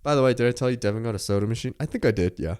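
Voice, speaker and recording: A man's voice: mid-range voice, racing, a little mellow, clean tone. A young man hosting a podcast, chatting casually and rambling with lots of filler words and laughs. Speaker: podcast host. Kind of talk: casual chat.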